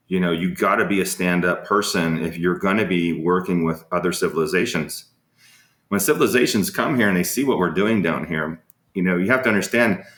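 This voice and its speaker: A man's voice: low voice, a bit bright. Man, live Q&A host, rambling anecdotes, lots of fillers, echoey room. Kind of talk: casual live-stream Q&A.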